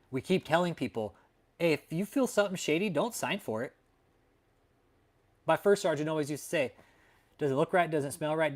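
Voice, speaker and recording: A man hosting a livestream, ranting angrily and swearing constantly in a casual commentary style from home. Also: mid-range voice. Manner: angry, profane, swearing constantly. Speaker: livestream host. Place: home, dog nearby.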